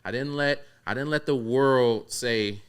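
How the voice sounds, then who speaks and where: A man who works as a barber and DJ, talking earnestly in casual chat, often halting and repeating words as he makes his point. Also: mid-range voice, clean tone.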